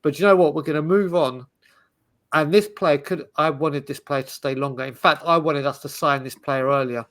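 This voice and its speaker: Chatty man, animated storyteller. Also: a little high, normal speed. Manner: animated, storytelling, restarts often. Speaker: podcast panelist. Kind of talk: casual chat.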